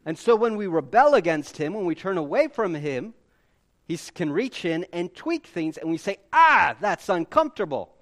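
A man preaching a sermon with animated delivery and emphatic repetition. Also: high-pitched, normal speed. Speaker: pastor.

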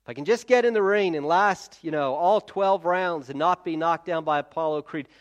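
A man quoting a humble, determined young boxer from a film, in a low, mumbling voice with a Philadelphia accent. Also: normal speed, natural voice. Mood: earnest.

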